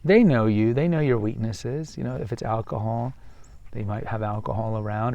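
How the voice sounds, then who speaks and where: A man's voice: mid-range voice, fairly quick, creaky, mellow, no room sound, highs cut off. Texan guy rambling on a walk outside, emphatic, keeps restarting, acts out other people now and then. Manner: emphatic, self-correcting, acts out quoted voices. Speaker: podcast host. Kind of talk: outdoor monologue. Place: outdoors on a waterfront path.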